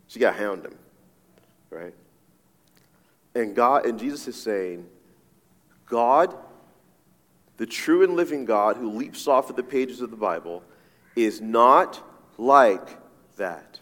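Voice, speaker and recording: A man delivers a sermon in an animated, conversational way, peppering his points with quick asides and "right?" checks. His pitch moves a lot, up high and back down. The sound carries the long reverb of a large church hall. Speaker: pastor.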